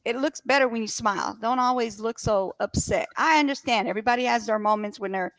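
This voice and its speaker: A woman's voice: a little high, a little fast, a bit bright, no room sound. A woman co-hosting a casual relationship chat, upbeat and emphatic. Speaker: podcast co-host.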